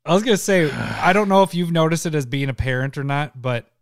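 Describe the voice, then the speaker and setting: Male podcast host, easygoing and upbeat; smooth, slightly high voice, dry close sound. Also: fairly quick, no echo. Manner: upbeat, laughs easily, swears casually. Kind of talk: casual chat.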